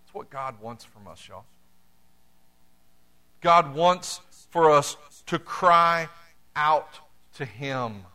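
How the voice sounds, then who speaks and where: A middle-aged man delivering a sermon at an unhurried pace. His voice is bright and fairly high for a man. He speaks straight to his congregation, mixing plain talk with dry humor. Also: smooth. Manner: conversational preaching with dry humor, addresses congregation directly. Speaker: pastor.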